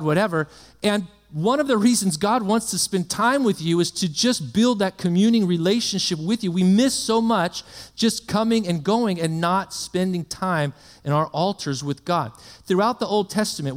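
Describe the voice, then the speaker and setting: A man with a high voice preaches to his congregation at a rapid, emphatic clip, driving his points home through repetition. He acts out people's quick prayers in between. His voice trails off into the long reverb of a church hall. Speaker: pastor. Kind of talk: sermon. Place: church sanctuary.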